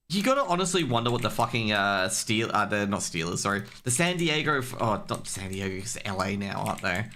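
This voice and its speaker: A young man rambles through a casual stream chat with a low but bright, edgy voice, dropping swear words and tripping over restarts. He gets louder and more worked up when he rants, while keys clatter faintly near his desk mic. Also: animated, normal speed. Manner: rambling, profane and loose, many fillers and restarts.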